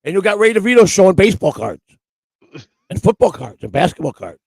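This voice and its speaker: A man's voice: high voice, big pitch swings, fairly quick, creaky, darkish tone, slightly rough, no echo, rough recording. A man co-hosting a casual live-stream chat, stammering and repeating himself as he teases his co-host.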